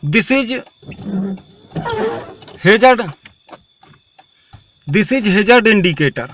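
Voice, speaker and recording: A man, talking to camera in a halting, repetitive way that keeps restarting phrases. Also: sits high, lively intonation, a bit bright, slight background noise. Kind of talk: rambling talk to camera.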